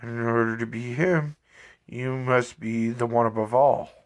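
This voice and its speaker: A man's voice: medium pitch, fairly even intonation, measured pace, close to an everyday voice. A man voicing a curious, frustrated male telepath who asks earnest, pressing questions. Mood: earnest, questioning.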